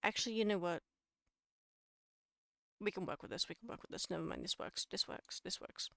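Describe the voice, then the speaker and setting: An Australian woman streamer giving a casual lecture to her chat, chatty and quick to laugh at and correct her own slips. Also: lowish voice, creaky, a bit bright, no room sound, clean studio sound.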